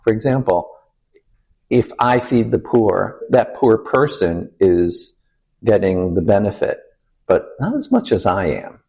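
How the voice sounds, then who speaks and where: An older man, a rabbi, telling stories in a relaxed interview, quoting people and asking rhetorical questions. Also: low voice, slightly rough. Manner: animated anecdote-teller who quotes people and asks rhetorical questions. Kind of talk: storytelling in a casual interview.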